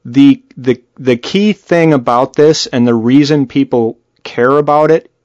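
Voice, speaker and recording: A man's voice: medium pitch, unhurried, no room sound, muffled recording. A man co-hosting a podcast, talking casually and bluntly, cursing freely. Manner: blunt, animated, swears freely. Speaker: podcast co-host. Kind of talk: casual political chat.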